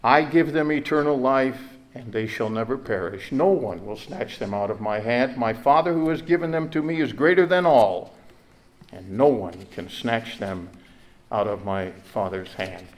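A man's voice: medium pitch, moderate pace. A male pastor preaching a sermon in earnest, often repeating words and rising to emphatic peaks.

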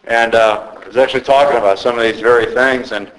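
A man's voice: mid-range voice, steady tone, a bit bright, poor audio. Male pastor, earnest and conversational sermon, mid-range voice, stumbles and restarts. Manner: earnest, halting with repeated restarts.

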